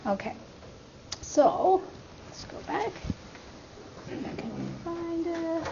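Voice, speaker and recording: Her voice is very high, with lively intonation and drawn-out words, as this language instructor from China lectures with a Chinese accent. She patiently explains the material and asks "right?" to see whether students follow. Background noise and a muffled sound mark this classroom recording.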